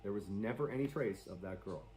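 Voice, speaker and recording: A man's voice: fairly low pitch, a little fast, dark tone, reverberant, soft background music, low-quality recording. A man telling suspenseful stories on a live stream in a dramatic storyteller's delivery.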